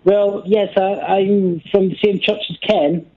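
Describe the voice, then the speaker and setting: A man's voice: sits high, steady tone, unhurried. A man calling in to a radio show, polite but hesitant and aggrieved. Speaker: caller. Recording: tinny phone line.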